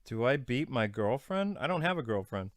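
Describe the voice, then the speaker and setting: A young man hosting a podcast in casual chat, relaxed and matter-of-fact as he answers listener questions. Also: medium pitch, normal speed, no room sound, studio quality. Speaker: podcast host.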